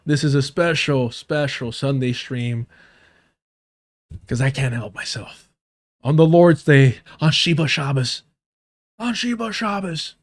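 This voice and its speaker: A man's voice: medium pitch, unhurried, long pauses. A young man hosting a live stream, ranting with heavy profanity and scorn. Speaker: livestream host.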